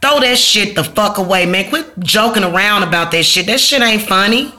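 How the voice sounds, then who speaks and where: A woman's voice: medium pitch, lively intonation, normal speed, hardly any pauses, bright, forceful tone. Blunt, profane woman vlogger ranting. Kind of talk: casual talk to camera.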